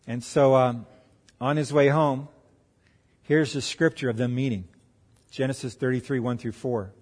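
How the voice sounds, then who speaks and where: A man's voice: medium pitch, moderate pace, long pauses. Man preaching in a reverberant hall. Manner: animated retelling with acted-out voices. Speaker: pastor. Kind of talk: sermon storytelling.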